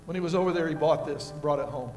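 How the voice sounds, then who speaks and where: An older American pastor preaches a sermon in a slightly high voice, talking very fast. He tells folksy stories using props and swings between quiet and loud.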